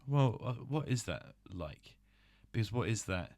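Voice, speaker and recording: A man's voice: on the low side, animated, measured pace, a little mellow, dry recording. A man hosting a podcast, talking casually and bluntly, swearing and laughing easily. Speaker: podcast host. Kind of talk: casual interview chat.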